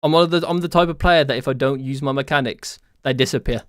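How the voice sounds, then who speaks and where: A man's voice: mid-range voice, fast, dry recording. Young rambling streamer guy, dry sound. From West Midlands, England. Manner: rambling, repeats phrases, many fillers. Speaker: game coach and streamer. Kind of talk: casual live-stream chat.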